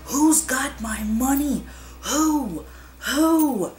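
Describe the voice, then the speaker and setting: A woman voicing the wailing ghost of a blind dead woman with high cries that sometimes drop to a hissed whisper. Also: expressive, drawn-out words, darkish tone, heavily acted. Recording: echoey room with music behind.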